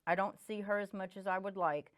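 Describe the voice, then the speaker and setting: A woman's voice: mid-range voice, steady tone, a little fast. A middle-aged woman telling her personal testimony in an earnest, reflective way. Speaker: church member giving testimony.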